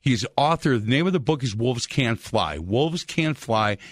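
A man hosting a sports radio talk show, telling a story in a chatty, lively way. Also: mid-range voice, unhurried, dry recording, studio quality.

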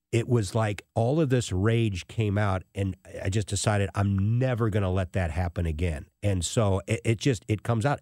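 A man hosting a talk radio show, telling a personal story in an animated way and acting out the people he quotes. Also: on the low side, dry recording, studio quality.

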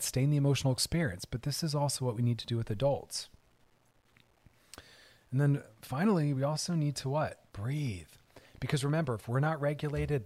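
A man giving an earnest talk on emotions and parenting, speaking in an emphatic, direct, coaching way. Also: mid-range voice.

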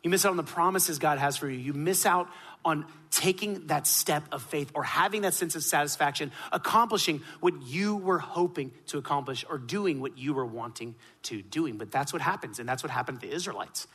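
Husky, bright-voiced male preacher. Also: fairly high pitch, a little fast. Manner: emphatic preaching, swinging from loud peaks to hushed drops. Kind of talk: sermon.

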